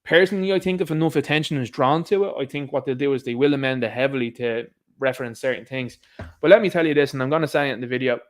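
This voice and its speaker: A man's voice: medium pitch, fast. A man with an Irish accent hosting a livestream, giving emphatic opinionated commentary and reading viewers' chat messages aloud. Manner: emphatic, ranting, talks straight to viewers. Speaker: livestream host.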